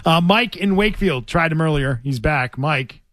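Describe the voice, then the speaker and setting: A man's voice: a little high, expressive, normal speed, fairly bright tone. A man hosting sports radio talk, quizzing his co-host in a conversational way.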